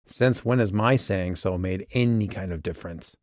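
A man voicing the wry, gentle ghost of a young man in an audiobook. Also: low-pitched, moderate pace, dry recording, studio quality, natural voice.

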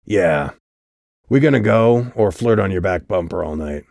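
A man's voice: low voice, animated, a little slow, vocal fry, a little mellow, dry recording, clean studio sound, full character voice. Man doing a growling, mocking clown-faced stranger. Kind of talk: audiobook character voice.

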